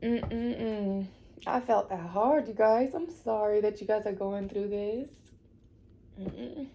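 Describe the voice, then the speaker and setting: Gravelly-voiced tearful woman tarot reader. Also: medium pitch, normal speed, warm tone. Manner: tearful, laughing through emotion, reassuring. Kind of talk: emotional tarot reading to viewers.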